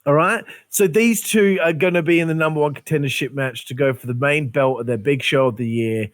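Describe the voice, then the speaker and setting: Profane ranting man, slightly high. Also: brisk, no echo, clean studio sound. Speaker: podcast host. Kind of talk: heated casual rant.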